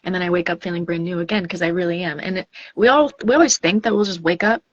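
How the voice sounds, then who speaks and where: A woman's voice: fairly low pitch, fast talker, lo-fi sound, a little hiss or hum. A woman speaking as a death doula guest in a casual podcast conversation, earnest, reflective and spiritual.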